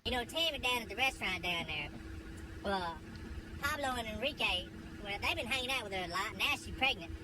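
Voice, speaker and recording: A woman voicing a crude, excitable male lineman who rambles and swears, heard in a noisy played-back clip. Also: a little high, natural voice. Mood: fed up. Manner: rambling, profane, fast bursts.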